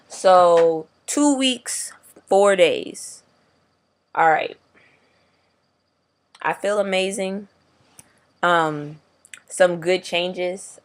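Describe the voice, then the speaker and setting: A man's voice: a little high, creaky. A young man vlogging casually, rambling in slangy, profane talk. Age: young adult. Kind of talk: casual video diary.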